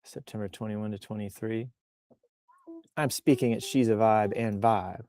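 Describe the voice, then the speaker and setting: Speaking at a normal speed in a lowish, dark voice with fairly even intonation, a man reads posts and comments aloud during a casual outdoor livestream on a bluff, joking and riffing along the way. Soft music plays in the background, and there's no echo.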